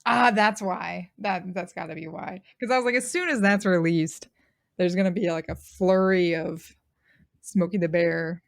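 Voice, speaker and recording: A woman's voice: fairly low pitch, steady tone, normal speed, creaky, no room sound, studio quality. A woman in a casual podcast chat, joking and rambling. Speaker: podcast co-host.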